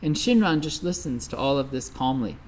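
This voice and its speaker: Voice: mid-range voice, a little fast, slight background noise. Conversational Buddhist preacher telling a story. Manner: conversational, lively, with frequent "right?" asides. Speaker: Buddhist minister. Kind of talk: sermon storytelling.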